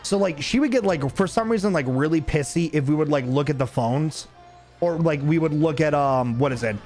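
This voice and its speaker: A man's voice: a little high, fairly quick, a little mellow, faint music behind. A young man streaming a game, telling a rambling, profane story in a casual chat.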